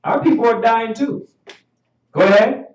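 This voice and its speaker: A man with a fairly high voice preaches in an animated, laughing way as he leads a Bible class. He sounds distant from the microphone, and the muffled, dull audio carries heavy room echo. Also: measured pace. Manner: animated, laughing, calls for verses.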